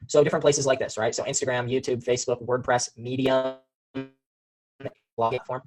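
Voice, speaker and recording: A medium-pitched man from the Phoenix area, USA, teaches a live online marketing webinar in a flat delivery at normal speed. Despite poor audio and faint background music, he talks energetically to the chat, reads out viewers' names, and often repeats and restarts phrases.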